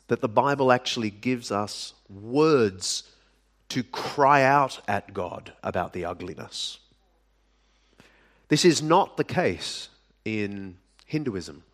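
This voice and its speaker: A man preaching a sermon, speaking deliberately with dramatic pauses and sudden drops to a hush. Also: medium pitch. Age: adult. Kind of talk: sermon to a live audience.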